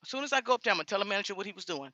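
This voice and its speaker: A middle-aged woman truck driver vlogging from inside a grocery store on a handheld phone, talking in an outspoken, animated way. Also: mid-range voice, very fast, dry recording, highs cut off. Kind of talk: casual vlog chat.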